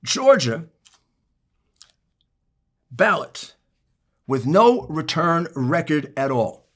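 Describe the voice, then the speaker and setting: A man giving a political speech, emphatic and building to forceful outbursts. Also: on the high side, sing-song, very slow. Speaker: speaker addressing lawmakers.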